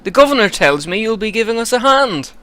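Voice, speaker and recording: Brief: man doing a blunt, raised-voice West Country steward, gruff and bossy. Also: high-pitched, sing-song, brisk, pushed and bright, voice pushed up, heavily acted. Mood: stern. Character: brusque male steward, loud and stern.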